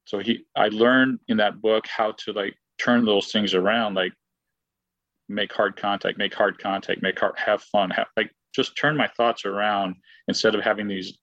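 Gravelly low-voiced man telling a story. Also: fairly even intonation, a little slow, fairly bright tone, no room sound, muffled recording. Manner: rambling, filler-heavy, with frequent restarts and acted-out quotes. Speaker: guest, former baseball player. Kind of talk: casual anecdotal storytelling.

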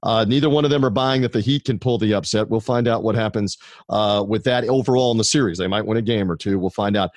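A man's voice: on the low side, fast talker, dry recording, studio quality. A man hosting a sports betting podcast over a video call, plugging shows and guests in an upbeat, promo-heavy way. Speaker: podcast host.

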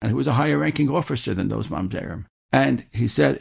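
A man's voice: medium pitch, lively intonation, fast talker, gravelly, few pauses, husky. A man telling an inspirational religious story in an earnest way, repeating points for emphasis.

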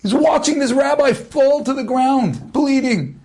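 A man with a high voice delivers a storytelling sermon. He speaks slowly and builds suspense with long dramatic pauses. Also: animated, a little mellow.

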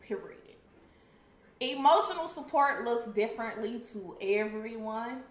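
A woman co-hosting a casual chat speaks a little slowly in a slightly high voice, with reverberation in the recording. She's emphatic and blunt, and she says "period".

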